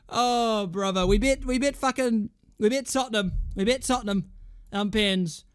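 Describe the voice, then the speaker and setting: A gaming YouTuber, a young man, reacts to a football manager game, swearing nonstop and lurching from panic to screaming joy. His voice sits high and smooth at a moderate pace. Faint background noise can be heard.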